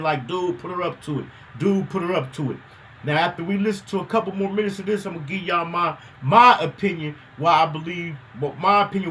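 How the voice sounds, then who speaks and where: A man's voice: sits high, a little hiss or hum, low-quality recording. A man hosting a news commentary show, talking casually with slang and repeating himself as he makes his point. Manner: animated, repetitive, conversational slang.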